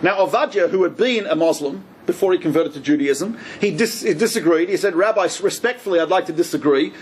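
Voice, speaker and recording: A man, a rabbi, giving a lively lecture on religious law and acting out quoted speech with humor. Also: high voice, fairly quick, a little hiss or hum. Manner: lively, joking storyteller who acts out quoted speech.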